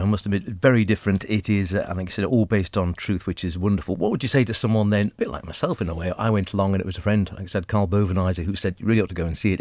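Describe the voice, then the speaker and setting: A man's voice: lowish voice, a little mellow, dry recording. A man hosting a radio interview, asking long, wordy questions with frequent restarts. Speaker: radio presenter.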